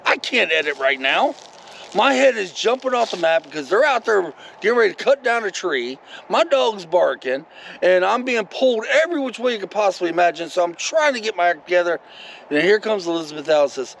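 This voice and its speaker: Animated high-voiced man telling a story. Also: a little fast, gravelly, slight background noise, rough recording. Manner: rambling and animated, many asides to viewers. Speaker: vlogger. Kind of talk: casual storytelling vlog.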